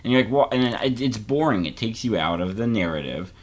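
Deep-voiced animated podcast host. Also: male voice. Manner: animated, jokey, quick asides. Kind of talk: casual chat.

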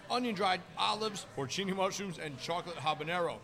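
A man with a slightly high voice introduces the show and reviews a sauce. He speaks in short, plain sentences with simple verdicts. The tone is that of a casual podcast host. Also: fairly quick, creaky, hardly any pauses, a bit bright, soft background music.

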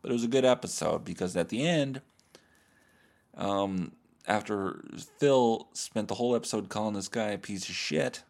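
A comedian and podcast host talking alone, rambling in a profane, self-deprecating way. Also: male voice, low voice, creaky, darkish tone. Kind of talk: solo podcast monologue.

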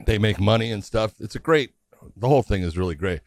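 Brief: middle-aged man, lively laughing raconteur, dry close sound. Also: fairly low pitch, fast talker, creaky, no room sound. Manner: animated, laughing storyteller. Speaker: podcast guest telling stories. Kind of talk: casual storytelling chat.

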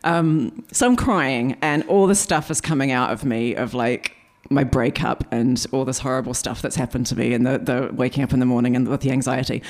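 A woman performing a storytelling stand-up set before a live audience, chatty and animated, quoting people in quick asides. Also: extremely low pitch. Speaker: stand-up comedian.

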